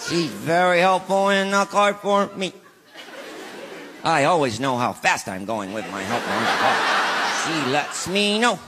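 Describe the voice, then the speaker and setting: A man's voice: fairly high pitch, animated, unhurried, noisy background. A middle-aged man performing stand-up comedy, animatedly acting out both sides of marital arguments. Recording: live show with loud crowd laughter.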